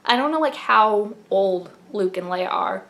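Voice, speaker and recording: A woman's voice: medium pitch, expressive, a little slow, creaky, fairly bright tone. Gushing, chatty young woman vlogger. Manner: chatty and gushing, many fillers and laughs. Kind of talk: casual trailer reaction vlog.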